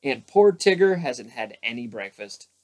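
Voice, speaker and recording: A man doing Pooh, a mild gentle bear. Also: medium pitch, big pitch swings, a little slow. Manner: mild, puzzled.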